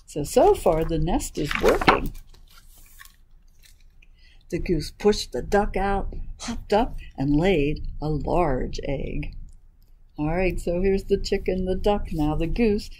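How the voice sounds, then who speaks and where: A woman children's librarian reading a picture book aloud to young listeners. She speaks very slowly and animatedly, pausing to ask questions. Her tone is mellow, and faint noise sits behind her. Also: fairly low pitch, lively intonation, rough recording.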